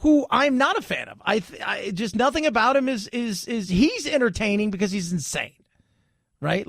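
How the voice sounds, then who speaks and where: Gravelly, sarcastic talk radio host. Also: male voice, sits high, lively intonation, normal speed, fairly bright tone, no echo, studio quality. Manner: sarcastic, joking, rambling. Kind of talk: casual talk radio commentary.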